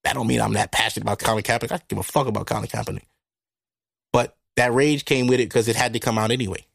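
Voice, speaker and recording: A man hosting a podcast, talking through a casual monologue into a microphone in a blunt, profane, animated way. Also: medium pitch, rapid-fire, gravelly, dry recording, clean studio sound. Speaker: podcast host. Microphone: studio microphone.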